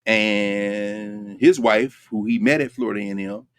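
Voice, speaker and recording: A man's voice: fairly low pitch, steady tone, unhurried, fairly bright tone, dry recording, clean studio sound. A man hosting a lecture-style commentary show, talking emphatically and conversationally and putting rhetorical questions to his listeners. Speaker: host.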